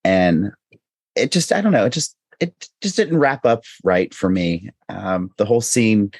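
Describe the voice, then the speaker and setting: A man's voice: on the low side, animated, measured pace, darkish tone, no room sound. A man chatting as a podcast guest, earnest and questioning, often restarting his sentences. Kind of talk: casual podcast chat.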